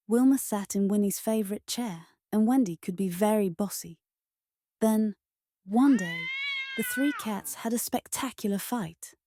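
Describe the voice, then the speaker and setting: Mellow-voiced woman reading a children's story. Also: mid-range voice, no room sound, studio quality. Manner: gentle, measured read-aloud delivery.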